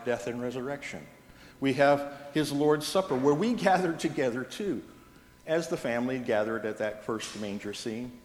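A man, a pastor, preaching a sermon in a plain, conversational storytelling manner. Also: mid-range voice. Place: church sanctuary. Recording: echoey reverberant church hall.

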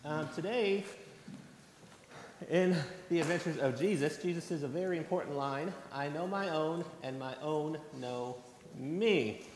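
Young guy talking to kids at church, gentle storytelling, long reverb and faint hum. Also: a little high, measured pace. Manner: storytelling, plain and gentle to children. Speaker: children's sermon speaker. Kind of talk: children's sermon. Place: church sanctuary.

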